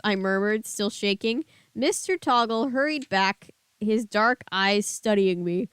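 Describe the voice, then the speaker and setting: A woman's voice: medium pitch, unhurried, few pauses, fairly bright tone, clear, resonant tone, dry recording. A woman streamer reading a book aloud and chatting casually with her live chat.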